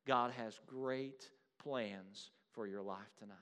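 A man preaching a sermon, swinging between loud declarations and hushed, quiet lines, and calling his listeners "beloved.". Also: lowish voice, takes it slowly, smooth.

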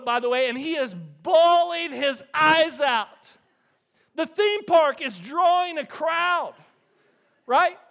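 A man with a strikingly high voice preaches a sermon to his congregation. He tells stories with lively energy and keeps tossing questions back to the listeners. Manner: animated storytelling, frequent "right?" to the congregation. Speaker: pastor.

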